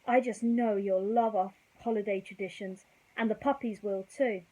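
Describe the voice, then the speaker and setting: A woman voicing a gentle, refined mother dog in a storybook, speaking softly and tenderly. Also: mid-range voice, fairly even intonation, moderate pace, close to an everyday voice, low-quality recording. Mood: warm. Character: gentle refined female cocker spaniel mother.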